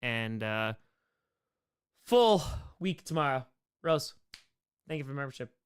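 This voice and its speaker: A man's voice: mid-range voice, sing-song, measured pace, clear, resonant tone. A man hosting a casual live-stream Q&A, upbeat and rambling, thanking viewers by name, his voice a bit worn from hours of talking. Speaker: live-stream host answering chat questions.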